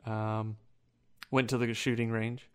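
A man's voice: on the low side, flat delivery, slow pace, clean tone. A man co-hosting a podcast in loose, profane casual chat, laughing often. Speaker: podcast co-host.

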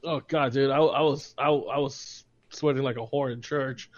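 A man's voice: mid-range voice, steady tone, moderate pace, dull audio. A man co-hosting a podcast in casual chat, telling a story with laughs and stammered restarts. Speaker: podcast co-host.

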